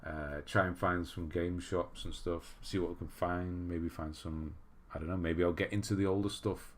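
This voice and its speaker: Low and steady at a normal pace, an English man runs a relaxed livestream, reading viewers' comments aloud and laughing at himself, with a little hiss or hum in the background.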